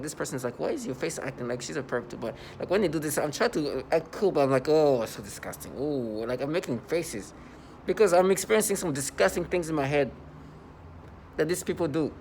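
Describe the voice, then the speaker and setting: In an off-the-cuff monologue to camera, a man with a medium-pitched, somewhat dark voice keeps circling his points, stumbling through ums and restarts. He comes across as earnest and agitated, and a soft hum of noise lingers in the background.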